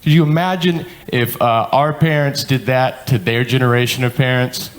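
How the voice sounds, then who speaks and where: A man in his thirties doing profane stand-up storytelling on a club stage, animated and acting out quotes. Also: medium pitch, normal speed. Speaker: stand-up comedian. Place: comedy club stage with laughing audience. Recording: live club with audience laughter.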